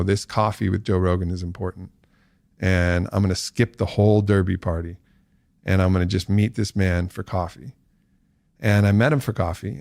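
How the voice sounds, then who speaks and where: A man's voice: lowish voice, creaky, darkish tone, no room sound, studio quality. A man as a podcast guest, telling a long story and acting out the voices of people he quotes.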